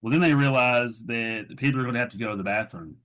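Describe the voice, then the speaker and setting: A man's voice: medium pitch, fast, a bit bright. A man co-hosting a podcast, retelling a story in casual, rambling chat full of fillers. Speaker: podcast co-host.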